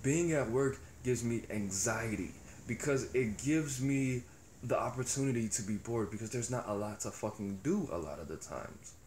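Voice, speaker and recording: A man's voice: medium pitch, moderate pace, a little mellow. Young male vlogger, reflective and foul-mouthed, recorded in a roomy space with a faint hum. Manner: rambling, profane, reflective. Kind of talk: casual monologue. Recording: echoey room with faint ambience.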